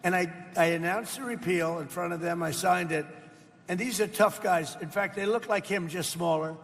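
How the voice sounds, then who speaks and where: Older american guy going off on tangents, bragging, gravelly voice, echoey hall. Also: sits high, normal speed, a bit bright. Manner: rambling, boastful, repeats phrases. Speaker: politician speaking at a roundtable. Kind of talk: off-the-cuff speech. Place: indoor event hall.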